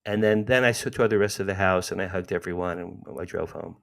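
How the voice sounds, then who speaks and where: Man, 60s, low-pitched interview guest; animated, emotional storyteller. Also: quick pace, creaky. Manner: animated, emotional retelling with frequent restarts.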